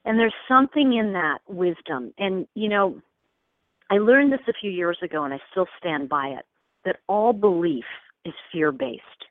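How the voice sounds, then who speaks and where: Expressive storytelling woman in her fifties. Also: on the low side, normal speed, dry recording. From New York, USA. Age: 50s. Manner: expressive storyteller, acts out quoted voices, laughs easily. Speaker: psychic and spiritual teacher, guest. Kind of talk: casual interview conversation. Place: home recording studio. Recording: dry, tinny phone-like line.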